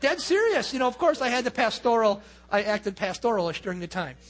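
Man, pastor, high-pitched, conversational sermon, storytelling asides, weak fading voice. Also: sing-song, fairly quick, fairly bright tone. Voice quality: voice weak and fading in low range. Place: church.

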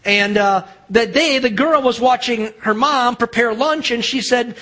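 A man's voice: extremely high pitch, a little slow, hardly any pauses, bright, forceful tone. A man preaching a sermon as pastor, telling a story in a chatty way with fillers and restarts.

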